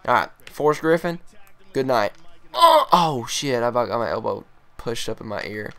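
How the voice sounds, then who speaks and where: A young man swearing and yelling while commentating his own fighting game, sometimes calming himself down. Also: mid-range voice, normal speed. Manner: profane, yelling and groaning at the game. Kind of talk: live gameplay commentary.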